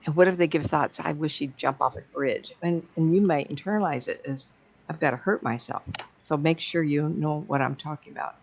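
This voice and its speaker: A woman's voice: low-pitched, a little fast, a little mellow. A woman speaking as a psychic medium, giving a blunt, plain-spoken talk to an audience. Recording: dull lo-fi sound.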